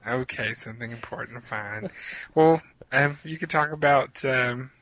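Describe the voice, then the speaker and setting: A man co-hosting a podcast in casual chat, teasing with quick interjections. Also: mid-range voice, a bit bright, no room sound. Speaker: podcast co-host.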